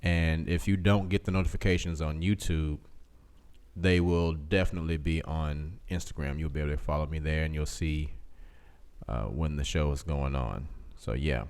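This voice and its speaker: A man's voice: very deep voice, steady tone, moderate pace, a little mellow, clean tone. A man hosting a casual live show, chatting in a laid-back way with viewers and repeating himself. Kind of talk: casual livestream chat.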